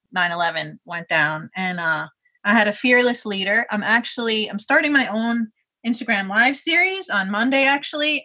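A woman talks as a podcast guest, her voice bright and forward. She rambles in a chatty way, peppering sentences with "like" and "you know.". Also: mid-range voice. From New York. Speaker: jewelry designer guest. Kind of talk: casual podcast chat.

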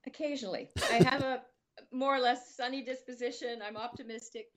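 A woman's voice: on the high side, fairly even intonation, a little fast. A woman guest on a talk show, speaking earnestly with frequent restarts and a wry laugh. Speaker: interview guest.

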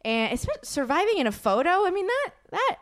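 A woman's voice: very high voice, big pitch swings, a little fast, a bit bright. A woman hosting a podcast, telling a story in casual chat, acting out quotes and swearing freely. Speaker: podcast host.

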